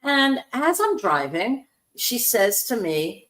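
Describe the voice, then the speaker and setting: A woman hosting a spiritual talk show, telling a story warmly and acting out the voices in it. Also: fairly high pitch, slow pace, reverberant. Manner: animated storyteller, acts out quoted voices. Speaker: host, spiritual medium.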